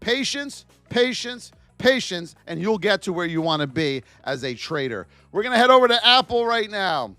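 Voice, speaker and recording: A hoarse man hosting a live trading stream, energetic and shouting out viewers by name. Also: high-pitched, brisk, few pauses, dry recording, faint music behind. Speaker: livestream trading host. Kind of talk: hyped live-stream market commentary.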